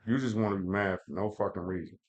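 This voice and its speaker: A man co-hosting a casual podcast from a living room, telling stories in an animated, profane way. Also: on the low side, fast talker, lo-fi sound. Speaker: podcast co-host. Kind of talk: casual chat.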